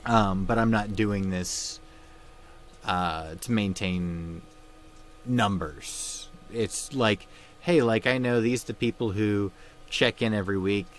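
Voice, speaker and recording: A young man hosting a livestream, talking in a halting, subdued way with many fillers and restarts, grieving and somber. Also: on the low side. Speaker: livestream host. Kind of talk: casual livestream chat.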